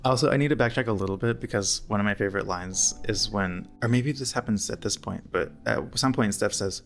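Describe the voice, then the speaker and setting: A woman's voice: rumbling low, a little fast, soft background music. A woman co-hosting a podcast, casually recapping a movie with sarcastic asides and lots of laughter. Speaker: podcast co-host.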